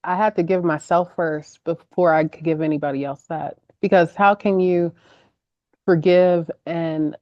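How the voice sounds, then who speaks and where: A woman's voice: on the low side, fairly even intonation, a little slow, dry recording, highs cut off. A woman guest in a casual conversation, speaking candidly and filling her speech with "like". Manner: candid, says "like" a lot.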